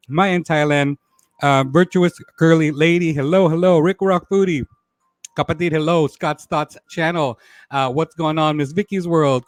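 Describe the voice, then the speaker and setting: A man's voice: a little high, no echo. A man hosting a live stream talk show, playful and laughing often as he greets viewers by name. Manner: playful, laughs often, says y'all a lot. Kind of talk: live stream chat with shout-outs.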